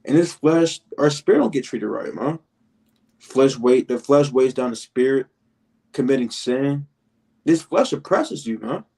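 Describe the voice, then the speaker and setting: A man co-hosting a casual Bible study who reads verses slowly and talks in slang. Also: mid-range voice, lively intonation, gravelly, a little mellow, breathy edge. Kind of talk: casual religious discussion and scripture reading.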